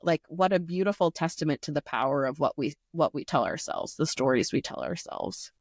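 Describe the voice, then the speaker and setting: A woman's voice: sits low, a little fast, no room sound, clean studio sound. A woman who teaches, chatting casually and telling a classroom story with lots of fillers. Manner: animated storyteller, many "like" fillers. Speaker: podcast co-host, teacher.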